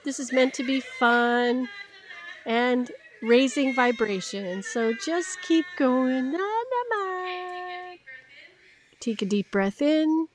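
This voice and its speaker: A woman's voice: a little high, slow pace. A woman leading a guided laughter yoga class, playful and encouraging, often breaking into giggles. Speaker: yoga instructor.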